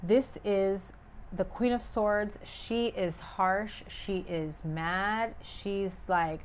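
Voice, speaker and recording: A woman's voice: medium pitch, very slow, a little hiss or hum. A woman giving a casual tarot reading, talking bluntly and emphatically with frequent swearing. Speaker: tarot reader.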